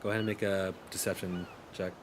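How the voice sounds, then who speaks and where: A man's voice: low-pitched, flat delivery, quick pace, background noise. A man narrating as game master in a tabletop game, casual and full of "like" fillers.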